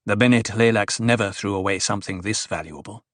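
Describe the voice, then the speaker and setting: A man narrating an audiobook in a measured, grave manner. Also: lowish voice, fairly bright tone, no room sound, studio quality. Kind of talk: scripted narration.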